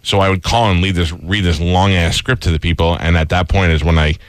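A man hosting a casual radio chat, telling animated stories and acting out the voices in them, on a close studio mic. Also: low-pitched, fairly quick, dry recording. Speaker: radio host.

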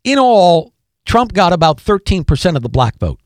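A man's voice: high voice, very animated, normal speed, no echo, studio quality. A man hosting a podcast, delivering an emphatic political commentary monologue, repeating key phrases and addressing listeners directly. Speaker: podcast host.

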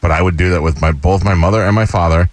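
A deep-voiced male podcast host who chats fast and rambles from one thought to the next. His voice comes across close and dry, with no room sound. The talk is casual and loose. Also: fairly even intonation, no room sound. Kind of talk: casual chat.

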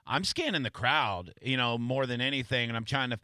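A man hosting a radio show, with a bright, forceful voice. He rambles through casual stories with plenty of restarts and fillers. The sound is dry and close. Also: medium pitch, fairly quick, no room sound. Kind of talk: casual radio interview chat.

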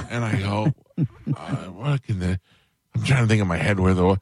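Low-voiced man telling a comic story. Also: moderate pace, dry recording. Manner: animated, acts out other people's shouting in a higher voice. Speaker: radio show host. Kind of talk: comic storytelling on talk radio.

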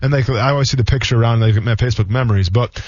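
A man in his thirties, a former football player co-hosting a sports radio show, tells stories in a rambling, casual, fast way, full of "like" fillers. His mid-range voice is a little mellow, with no room sound, but the audio has a dull lo-fi radio quality.

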